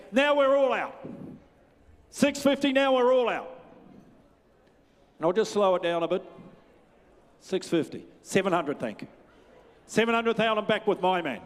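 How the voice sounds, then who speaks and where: Auctioneer, male, New Zealand accent: high, clear voice, rapid chant, big reverberant sales hall. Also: expressive. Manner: fast rhythmic bid calling with banter to bidders. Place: large sales ring.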